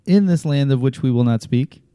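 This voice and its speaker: Male podcast co-host, mellow and smooth, relaxed storyteller, dry close mic. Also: mid-range voice, moderate pace, no room sound. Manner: chatty storyteller, laughs often, quotes movies. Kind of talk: casual chat.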